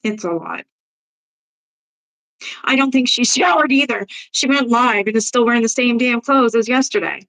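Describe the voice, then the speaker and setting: A woman's voice: fairly high pitch, fairly quick, few pauses, fairly bright tone, rough recording. Blunt, foul-mouthed woman chatting live. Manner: blunt, profane gossip with frequent laughs; reads and answers viewer comments. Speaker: livestream host. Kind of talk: casual live-stream chat.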